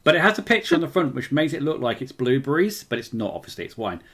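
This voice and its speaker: A man's voice: medium pitch, big pitch swings, quick pace, over a noisy crowd. A man co-hosting a casual podcast, a little tipsy and giggly as he chats. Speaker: podcast co-host. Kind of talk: casual chat.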